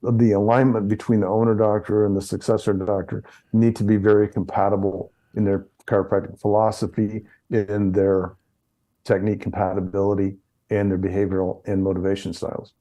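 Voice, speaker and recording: A middle-aged man with a mellow, warm voice, talking through his experience in an interview. He tells stories freely, restarting phrases and repeating words as he goes. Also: lowish voice, level tone, fairly quick. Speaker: chiropractor guest. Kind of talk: interview conversation.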